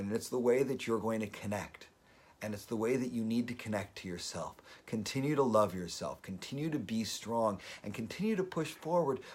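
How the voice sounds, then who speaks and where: On his daily motivational live stream, a man speaks in a mid-range voice with a breathy edge, sincere and openly emotional as he offers advice.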